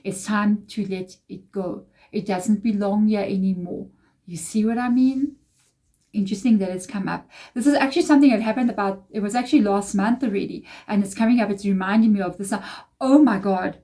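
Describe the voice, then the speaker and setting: Mellow-voiced woman reading tarot. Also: mid-range voice, steady tone, fairly quick. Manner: rambling, confiding, emotional asides. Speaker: tarot reader. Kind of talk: casual tarot reading monologue.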